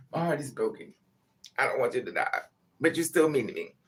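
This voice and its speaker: A woman's voice: extremely low pitch, animated, moderate pace. A woman telling a personal story to camera in a casual, confessional way. She rambles and repeats herself, swears freely, and gets emotional as she talks. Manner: rambling, repetitive, emotional and profane.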